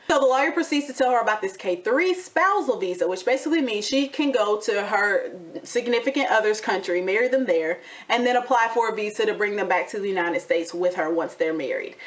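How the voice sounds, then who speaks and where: A woman with a fairly high voice hosts a reality TV recap. She dishes in a sassy, dramatic way and calls her listeners honey and baby. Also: fairly bright tone. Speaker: recap show host.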